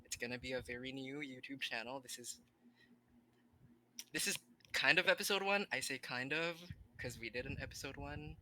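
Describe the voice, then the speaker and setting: Very bright-voiced excitable podcast co-host. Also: moderate pace, slight background noise, low-quality recording. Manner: excitable, with loud high laughs. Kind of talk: casual podcast chat.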